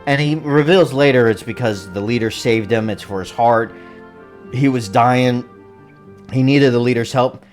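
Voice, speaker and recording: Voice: medium pitch, a little slow, faint music behind. A movie reviewer giving a casual, rambling recap full of jokes and frequent laughter. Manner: rambling and joking, laughs often. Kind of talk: casual spoiler-filled recap.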